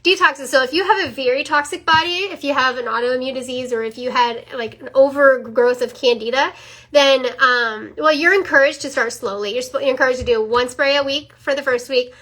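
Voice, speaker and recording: Bright high-voiced young woman. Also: fairly quick. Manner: earnest, emotional, many fillers and repeats. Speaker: mother sharing a product testimony. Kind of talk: casual testimonial vlog.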